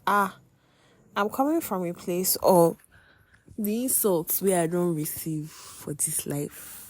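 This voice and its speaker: A young woman hosting a podcast, telling a personal faith testimony in an expressive way, with sudden exclamations. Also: on the low side, takes it slowly. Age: young adult. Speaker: podcast host.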